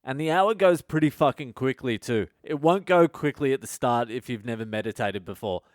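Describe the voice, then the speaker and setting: A male comedian rambles through a casual podcast monologue, swearing constantly and undercutting himself with jokes. His voice sits at an everyday middle pitch. The recording is dry and close, with no room sound. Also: animated, moderate pace, dry recording. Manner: swears constantly, self-mocking asides.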